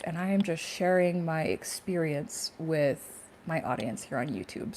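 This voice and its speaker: Woman vlogger, mellow tone, loose rambling delivery full of fillers, faint hiss in the recording. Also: fairly low pitch. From Canada. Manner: rambling, laughing to herself, many fillers. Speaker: spiritual YouTuber. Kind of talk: casual spiritual vlog monologue.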